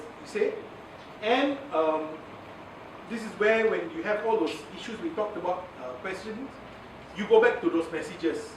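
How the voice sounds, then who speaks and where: Man, Malaysian English accent, high voice, chatty workshop lecturer, recorded from far off. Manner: chatty, laughs often, mixes in Malay words. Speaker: media communication trainer. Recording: echoey, from far off, noisy.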